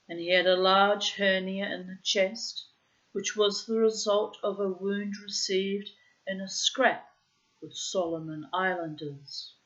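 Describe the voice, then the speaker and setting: A woman narrates a short story in an unhurried, measured way. Her voice sits at a middling pitch. The recording sounds a little dull and muffled. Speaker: reader.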